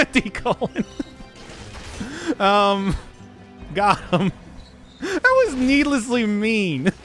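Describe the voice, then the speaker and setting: Rambling, high-voiced male streamer. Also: very animated, very slow, pauses often, fairly bright tone, faint music behind. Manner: rambling, self-amused, laughs at his own jokes. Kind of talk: casual gameplay commentary.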